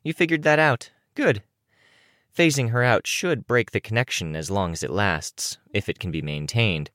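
An audiobook reader voicing a sly, smug young woman who speaks smoothly and wryly. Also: fairly low pitch, normal speed, fairly bright tone, no echo, studio quality, voice pushed up, close to an everyday voice. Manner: wry, smooth and knowing.

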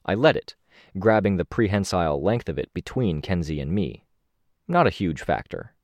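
A man reading a first-person story aloud as an audiobook narrator, steady and measured, with lifts on the action beats. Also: sits low, no room sound.

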